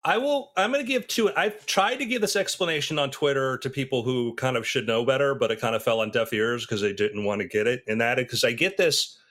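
A man in casual conversation who tells stories with energy and acts out the people he quotes, jumping high and low in pitch. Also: brisk, few pauses. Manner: animated storyteller, acts out quotes with big pitch swings.

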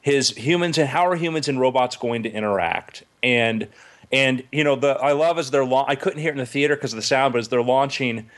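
A man's voice: mid-range voice, a little fast. A man in a casual podcast discussion, talking enthusiastically and rambling with asides.

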